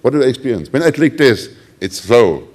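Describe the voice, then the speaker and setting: A man's voice: medium pitch, a little fast. Middle-aged German-accented man giving a talk. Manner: animated, ironic storytelling with acted quotes. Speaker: conference speaker. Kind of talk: conference talk.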